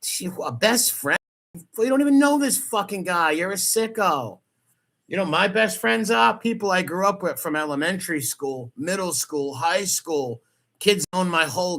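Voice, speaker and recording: A man's voice: on the high side, fairly bright tone. A man giving angry reaction commentary, mocking and profane as he picks apart a clip.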